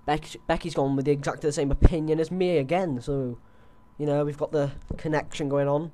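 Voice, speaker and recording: A young man talks casually into a headset, rambling with frequent fillers and restarts. His voice sits somewhat high for a man. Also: fairly even intonation, fairly quick, background noise. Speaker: host. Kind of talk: casual wrestling predictions chat.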